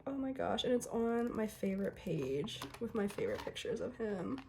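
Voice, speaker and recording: Young woman rambling thru an unboxing, fangirling, voice going kinda hoarse, faint hiss behind. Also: a little high, normal speed. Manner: gushing, excitable, lots of ums and laughs. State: losing her voice. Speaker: vlogger. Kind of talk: casual unboxing chat.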